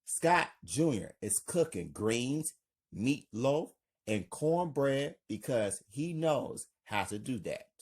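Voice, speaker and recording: A man's voice: mid-range voice, sing-song, slow, darkish tone, breathy edge. A man reading his own drama script aloud with stage directions, in a plain, unpolished way.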